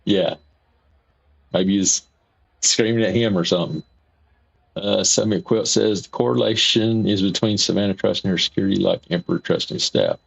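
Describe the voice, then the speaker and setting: A man's voice: low-pitched, fairly even intonation, moderate pace, creaky, slightly rough. A man, hosting a casual livestream, rambling folksy chat while reading viewer comments. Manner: rambling, folksy, repeats himself. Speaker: livestream host. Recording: dull lo-fi stream audio.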